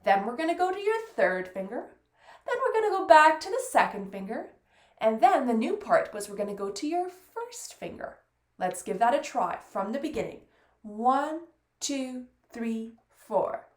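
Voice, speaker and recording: A woman's voice: on the high side, sing-song, moderate pace, echoey room. A woman teaching a fiddle lesson, patiently counting beats aloud and praising often. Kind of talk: encouraging music lesson.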